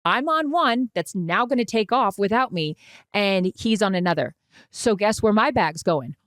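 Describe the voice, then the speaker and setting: A woman in her forties, co-hosting a podcast, telling a dramatic travel mishap in a casual, animated way with some swearing. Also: medium pitch, moderate pace, no room sound, clean studio sound. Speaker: podcast co-host. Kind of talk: casual storytelling chat.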